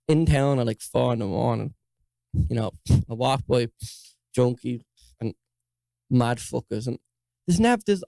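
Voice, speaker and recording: A man's voice: medium pitch, darkish tone, dry recording. A young man with a Dublin Irish accent, co-hosting a podcast, telling a story in casual chat, swearing a lot and acting out the people in it. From Ireland. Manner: swears often, acts out voices in his story. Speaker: podcast co-host.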